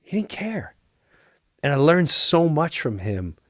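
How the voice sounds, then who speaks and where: A man tells a comic anecdote with lots of animation, breaking into laughter and swearing freely. His voice sits high and moves around a lot. The recording is dry and close. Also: very animated, slow, no echo. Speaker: comedian telling a story. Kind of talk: casual anecdote.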